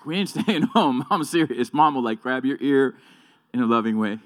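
A man's voice: medium pitch, fairly quick. A man preaching a sermon with emphatic delivery, often repeating and correcting himself.

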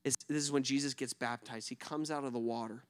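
A man preaching a sermon conversationally. He asks the congregation questions and swings between loud emphatic bursts and hushed near-whispers. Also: medium pitch, steady tone, quick pace, smooth, dry recording.

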